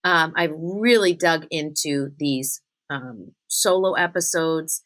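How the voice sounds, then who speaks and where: Low-voiced woman hosting a spiritual podcast. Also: takes it slowly, a bit bright. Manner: earnest, encouraging, talks straight to listeners. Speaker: podcast host, spiritual medium. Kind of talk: solo podcast talk.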